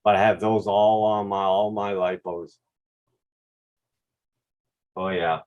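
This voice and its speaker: A man with a Quebec accent, hosting a relaxed, rambling livestream chat over a video call with some mild swearing. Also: deep voice, slow, lo-fi sound. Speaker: drone channel host.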